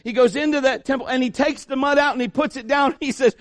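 A male pastor preaching a sermon in an animated, joking way, acting out the voices of the people he talks about. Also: very high-pitched, quick pace, few pauses, no room sound, clean studio sound.

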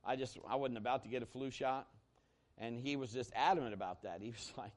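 Here a male pastor preaches, narrating a personal story quickly in a mid-range voice. The manner is chatty and animated, shifting between loud passages and hushed ones.

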